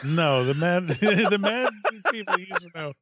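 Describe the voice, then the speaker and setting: A middle-aged man, a podcast co-host, telling a profane, animated story in casual chat. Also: sits high, unhurried, no room sound.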